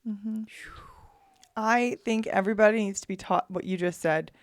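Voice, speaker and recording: A woman's voice: medium pitch, normal speed. A woman co-hosting a podcast, asking thoughtful questions and searching for words. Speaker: podcast co-host. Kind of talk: interview questions.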